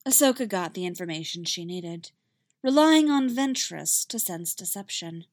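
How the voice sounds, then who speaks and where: A woman narrating a fan fiction story in a steady, even reading voice. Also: on the low side, normal speed, no room sound, studio quality.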